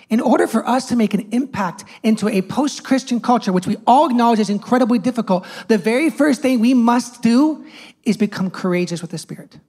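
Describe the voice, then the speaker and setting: A man's voice: high voice, darkish tone. Joking conversational male youth pastor. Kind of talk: sermon.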